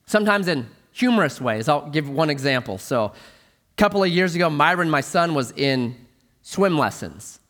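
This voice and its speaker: A middle-aged male pastor preaching a sermon, telling a humorous story in an animated way. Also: a little high, normal speed.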